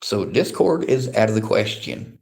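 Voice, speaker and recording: Male livestreamer, gravelly and low, lecturing his chat in a profane, bitter rant. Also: sing-song, moderate pace, a little mellow. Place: library.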